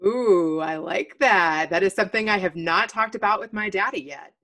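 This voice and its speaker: A woman's voice: mid-range voice, normal speed, a bit bright. A woman hosting a casual interview, asking friendly, enthusiastic questions.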